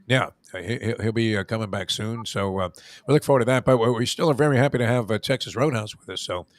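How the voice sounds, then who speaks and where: A man's voice: lowish voice, fast, no echo. A man hosting a casual radio talk show, telling rambling, joking stories.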